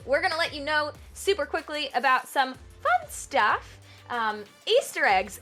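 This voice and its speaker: A bubbly woman from New York hosts a live esports broadcast from a booth. Her voice sits fairly high and she chats freely, with faint music under her. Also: bright, forceful tone. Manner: bubbly, chatty, laughs often. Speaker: esports caster.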